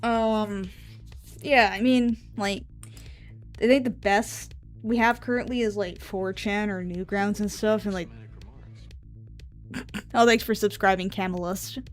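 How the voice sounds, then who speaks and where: A woman's voice: mid-range voice, steady tone, slow pace, pauses often, faint music behind. A woman streamer chatting casually on a live stream, rambling and offhand with drifting asides.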